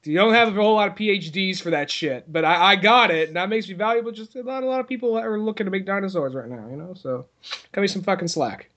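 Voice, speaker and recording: A man voicing a gruff male scientist who makes dinosaurs, defensive and profane. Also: high-pitched, quick pace, a bit bright, muffled recording.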